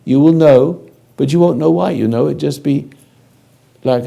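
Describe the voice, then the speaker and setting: An older man giving a slow, halting spiritual lecture, speaking directly to a listener in a commanding way. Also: a little high, gravelly, mellow. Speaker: spiritual teacher.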